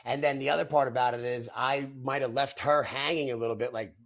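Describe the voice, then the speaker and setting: A man's voice: mid-range voice, fairly even intonation, quick pace, a bit bright. A man in his thirties hosting a casual podcast chat, talking frankly and reflectively and swearing freely. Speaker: podcast host.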